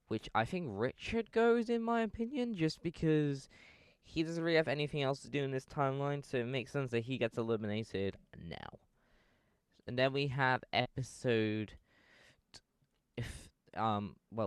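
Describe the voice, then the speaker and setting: A man's voice: lowish voice, smooth, dry recording, studio quality. A young man giving casual fan commentary, rambling and correcting himself with lots of fillers.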